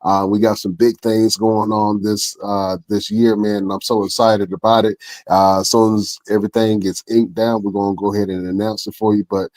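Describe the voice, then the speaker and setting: Excitable podcast host man. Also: fairly low pitch, normal speed. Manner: enthusiastic, laughs easily, slangy. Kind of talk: casual interview chat.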